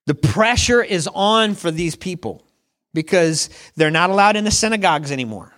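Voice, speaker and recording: A man's voice: high voice, lively intonation, normal speed, fairly bright tone. A man preaching a sermon in a conversational storytelling way, often checking in with the listeners. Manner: conversational storytelling with frequent "right?" asides. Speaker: pastor.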